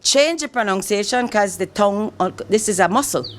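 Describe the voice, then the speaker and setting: Belizean kriol accent woman, educator guest, teacherly, keeps asking all right?, middle pitch. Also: expressive, fairly quick. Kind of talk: casual interview explanation.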